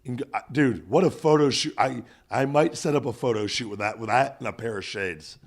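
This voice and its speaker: A man's voice: mid-range voice, brisk, vocal fry, husky. Profane man telling gym stories. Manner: profane, animated storytelling. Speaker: podcast host. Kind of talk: casual podcast chat.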